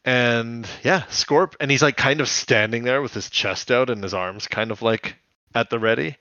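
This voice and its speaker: A man's voice: medium pitch, moderate pace, pushed and bright, no echo, highs cut off. A man co-hosting a podcast in casual chat, rambling and giggly. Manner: rambling, giggly, puts on jokey quotes. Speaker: podcast co-host.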